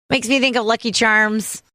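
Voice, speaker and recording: A woman co-hosting a radio show, running through items in a brisk, list-reading way. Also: fairly high pitch, pushed and bright, dry recording. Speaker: radio co-host. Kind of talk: morning radio show chat.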